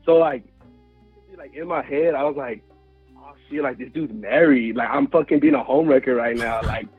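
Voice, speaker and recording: A man's voice: medium pitch, moderate pace, husky, dry recording, faint music behind. Slangy twenty-something man on a tinny line. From Houston, Texas. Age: 20s. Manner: slangy, swears a lot, many fillers. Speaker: guest storyteller. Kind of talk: casual storytelling.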